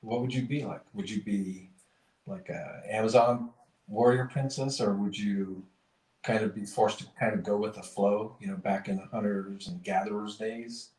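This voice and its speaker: Brief: podcast host, rambling and self-correcting, echoey room, mic far off. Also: male voice, lowish voice, steady tone, normal speed, darkish tone. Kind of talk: casual chat and joke telling. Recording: roomy, distant mic.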